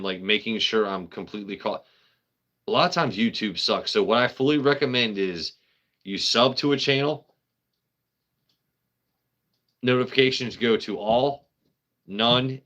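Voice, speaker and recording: A man's voice: fairly low pitch, a little slow, long pauses, a bit bright, lo-fi sound. A man hosting a casual live stream, rambling, joking with his chat and swearing freely. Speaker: livestream host.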